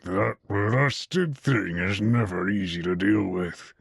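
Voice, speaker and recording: A man voicing a bearded brutish warrior in an audiobook, speaking slowly and gravelly through his teeth. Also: on the low side, no echo, clean studio sound, full character voice. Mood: sneering. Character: bearded brutish male warrior, grinning and sneering. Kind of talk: audiobook character voice.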